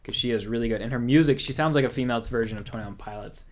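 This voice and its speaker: A man's voice: medium pitch, racing, a little hiss or hum. A young man hosting a casual music livestream, rambling in a chatty way and reading out viewer comments. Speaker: music channel host.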